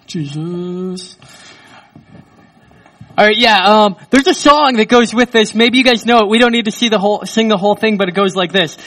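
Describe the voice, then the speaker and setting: High-voiced, animated male pastor. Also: moderate pace. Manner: animated, self-mocking storyteller. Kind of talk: sermon with personal story. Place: church hall. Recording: voice distant from the mic.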